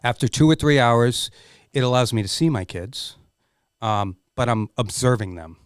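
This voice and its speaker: A man's voice: mid-range voice, expressive, normal speed, clear, resonant tone, dry recording, studio quality. A middle-aged man speaking as a podcast guest, telling a candid personal story in an earnest, emotional way and swearing freely.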